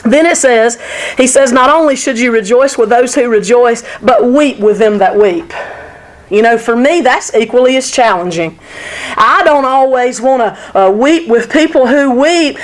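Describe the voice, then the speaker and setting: Woman, high bright voice, candid church teacher who pokes fun at herself. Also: lively intonation, moderate pace. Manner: candid, self-deprecating, full of rhetorical questions. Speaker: church Bible study teacher.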